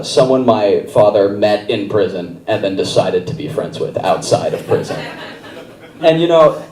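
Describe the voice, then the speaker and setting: A man's voice: fairly low pitch, mellow, far from the mic. A young man doing stand-up on a comedy theater stage, rambling casually through a story with lots of fillers. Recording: roomy theater sound from afar.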